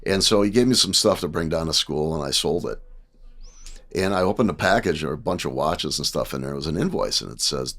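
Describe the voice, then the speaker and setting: A man in his sixties from the American Midwest, telling lively anecdotes as a podcast guest and often checking in with "right?". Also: rumbling low, brisk. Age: 60s. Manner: animated anecdotes, acting out dialogue, frequent "right?". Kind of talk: casual storytelling.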